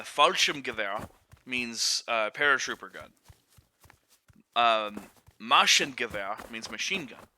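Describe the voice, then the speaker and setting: A male game streamer talks to his chat in a piercingly bright, edgy voice. He curses freely and bursts out in disbelief, then slips into loose, rambling explanations. A faint hiss of noise sits under his voice. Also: mid-range voice. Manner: profane, excitable outbursts, rambling explanations. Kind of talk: live gaming stream commentary to chat.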